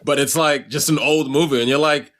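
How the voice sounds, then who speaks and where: A man co-hosting a podcast in casual chat, animated, laughing often and swearing freely. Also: fairly high pitch, fairly quick. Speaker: podcast co-host.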